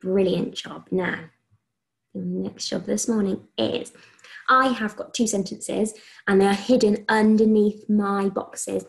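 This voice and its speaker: Creaky-voiced woman teaching children phonics. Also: mid-range voice, fairly even intonation. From England. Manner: slow, clearly sounded dictation with encouraging praise. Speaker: primary school teacher. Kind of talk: recorded phonics lesson for young children.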